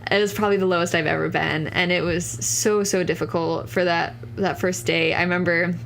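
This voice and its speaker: A woman's voice: fairly low pitch, fairly even intonation, fairly quick, creaky, fairly bright tone, a little hiss or hum. A young woman in her twenties, a podcast guest telling a personal story in an earnest, candid way, full of casual fillers. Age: 20s.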